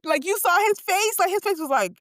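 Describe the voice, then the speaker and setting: A woman co-hosting a casual chat show, telling stories in an animated way and jumping her voice up high for emphasis. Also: brisk, no echo, clean studio sound. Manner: animated storyteller, voice leaps up for emphasis. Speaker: podcast co-host.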